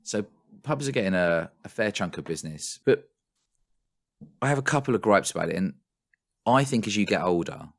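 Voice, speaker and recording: A man co-hosting a casual podcast, telling stories in an animated, rambling way with frequent laughs. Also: lowish voice, moderate pace, gravelly. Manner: animated, rambling storyteller who laughs often. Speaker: podcast co-host. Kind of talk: casual chat. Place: home in London.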